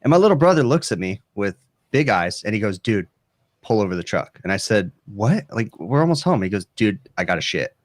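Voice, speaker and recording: A man co-hosting a casual talk show, telling a funny story with animated, laughing delivery. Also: on the low side, fairly quick, no echo. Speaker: podcast co-host.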